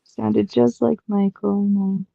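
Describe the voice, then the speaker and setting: A woman's voice: mid-range voice, level tone, slow pace, gravelly, mellow, lo-fi sound, slight background noise. A woman chatting casually with friends on a stream, teasing them and mimicking their voices. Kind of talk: casual chat.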